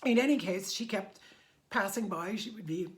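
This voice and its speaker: A woman's voice: medium pitch, normal speed. A middle-aged woman instructor gives a heartfelt personal testimony to her community, her voice often wavering near tears. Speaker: meditation method instructor.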